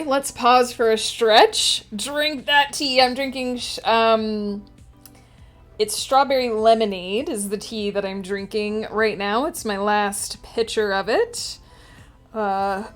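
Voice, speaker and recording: A woman's voice: mid-range voice, fairly bright tone. A woman author streaming her work, chatting casually with her viewers and laughing often. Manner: giggly, chatty, talks to viewers. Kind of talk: casual livestream chat.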